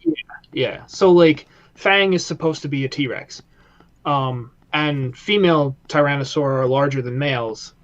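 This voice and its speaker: A man co-hosting a casual review podcast, excitable and quick to swear. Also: on the high side, dull audio. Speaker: podcast co-host.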